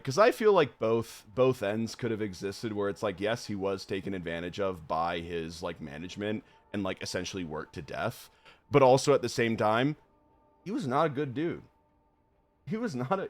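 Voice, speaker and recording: A young man streaming a horror game live, rambling off on tangents with frequent swearing and laughter, and reading the on-screen text aloud quickly. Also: fairly low pitch, sing-song, soft background music. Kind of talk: live gameplay commentary.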